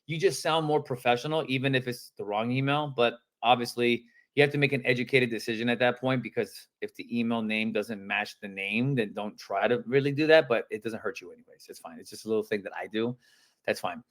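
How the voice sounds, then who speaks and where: Acting out phone calls as he goes, a man trains real estate agents on a live stream using energetic, informal slang. He speaks fairly quickly in a mid-range voice.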